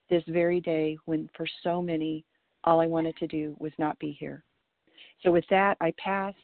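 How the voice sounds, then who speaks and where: A woman's voice: deep voice, no echo. Earnest woman sharing over a phone line. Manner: earnest, reflective, repeats words for emphasis. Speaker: meeting participant sharing. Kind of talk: personal recovery share.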